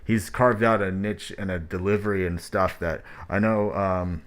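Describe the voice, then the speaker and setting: A man's voice: sits low, fairly even intonation, normal speed, clean tone. A man hosting track reviews in casual spoken critique, talking in a blunt, rambling, profane way, his voice muffled by a mask. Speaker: host reviewing rap tracks.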